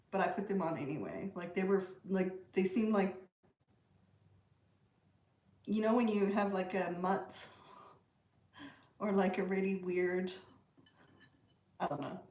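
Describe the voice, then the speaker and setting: A woman's voice: mid-range voice, darkish tone, reverberant. A woman from Canada hosting a casual livestream, chatting and answering viewer comments. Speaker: livestream host. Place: room at home with a pet bird.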